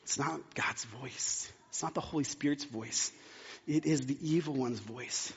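Male pastor, conversational sermon delivery, husky tone, muffled hall recording. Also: mid-range voice, unhurried. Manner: conversational, emphatic repetition. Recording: long hall reverb, dull sound.

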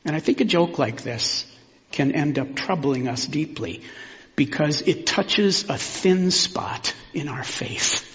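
Male pastor, sermon delivery, measured and reflective, slightly higher voice, church reverb and a dull sound. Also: lively intonation. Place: church sanctuary.

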